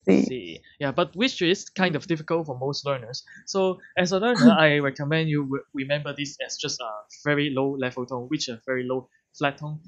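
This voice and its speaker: A man's voice: on the high side, brisk, hardly any pauses. Hong Kong-accented male tutor, patient, demonstrative, slightly dull audio. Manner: patient, demonstrates tones by repeating sounds. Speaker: language teacher. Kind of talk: online lesson.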